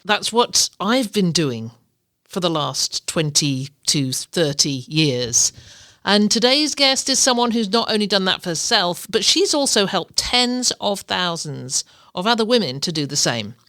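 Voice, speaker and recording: A woman's voice: fairly low pitch, sing-song, measured pace, a bit bright, dry recording, studio quality. A middle-aged woman with an English accent, hosting a podcast interview in an upbeat way and laughing often. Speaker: podcast host.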